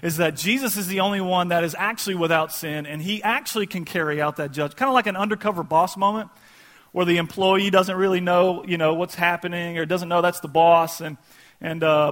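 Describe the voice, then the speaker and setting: A pastor preaching a sermon in a casual, conversational way, acting out quoted voices. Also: male voice, high-pitched, fairly bright tone.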